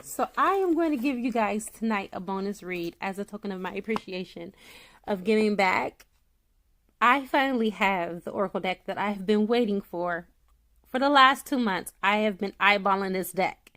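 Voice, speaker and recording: A woman's voice: mid-range voice, normal speed. A woman tarot reader chatting casually to her viewers, emotional and gushing, close to tears as she talks. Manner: animated and excitable, swings from soft to loud.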